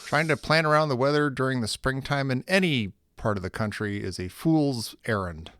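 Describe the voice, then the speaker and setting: A man hosting a movie podcast, chatting casually and summarizing film scenes with lively laughter. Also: medium pitch, normal speed, dry recording, clean studio sound. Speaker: podcast host.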